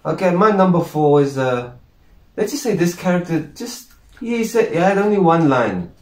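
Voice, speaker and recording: Man co-host, halting and casual, recorded in a roomy space. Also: high-pitched, sing-song, a little mellow. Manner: hesitant, many restarts and fillers. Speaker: co-host, her brother. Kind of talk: casual chat. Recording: echoey room.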